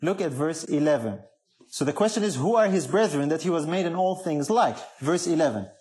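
A man's voice: fairly high pitch, lively intonation, fairly quick, a little mellow. Emphatic man preaching a sermon. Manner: emphatic, asks the congregation questions.

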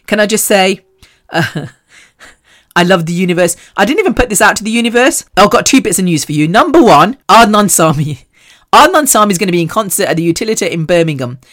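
A woman hosts her own podcast in a loose, conversational way. She tells animated stories and laughs often. Her voice sits at a middling pitch. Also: fairly quick. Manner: chatty, animated storytelling. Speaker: podcast host. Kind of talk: casual chat.

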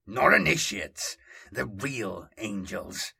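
A man puts on a battle-hungry armored warrior with a gravelly, husky edge to his voice. He speaks in clipped bursts, eager for the kill, bright and forceful in tone, in a slow storybook reading. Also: mid-range voice, expressive, exaggerated voice.

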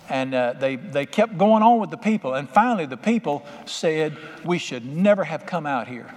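A man preaching a sermon as pastor, folksy and animated, with punchy asides. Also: on the high side, normal speed, few pauses. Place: church sanctuary. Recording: long echo of a church hall.

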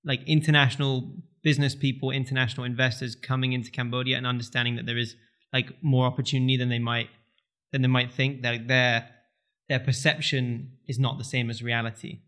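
Male guest, bright tone, measured and businesslike. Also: medium pitch, level tone. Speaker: podcast guest. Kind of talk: casual interview chat.

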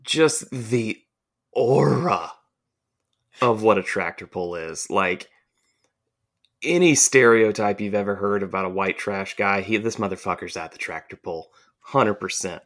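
A man with a somewhat low voice tells a long story in casual podcast chat. He rambles, swears freely and gets animated as he describes the scene. He grew up in the American South. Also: unhurried. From southern United States. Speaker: podcast co-host.

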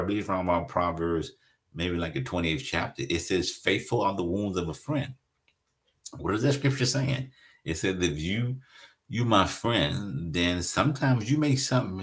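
A man's voice: low-pitched, fairly bright tone. A man preaching a sermon in an earnest, repetitive style, stressing key words.

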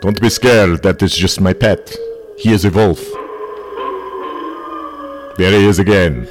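A hammy vampire count, as a man puts him on, booming out a playful welcome to his castle. The voice stays deep under the theatrics. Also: unhurried, over music. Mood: campy.

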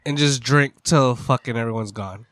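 A man's voice: medium pitch, moderate pace, fairly bright tone, dry recording. A young man co-hosting a casual chat, laid-back and swearing offhandedly. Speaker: co-host.

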